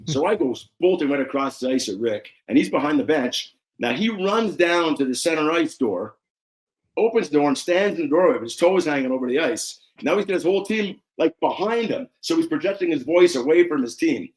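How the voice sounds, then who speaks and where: Animated former referee telling stories. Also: male voice, fairly quick. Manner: animated storyteller, acts out quotes with raised pitch. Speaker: former referee, rules analyst guest. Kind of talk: casual interview storytelling.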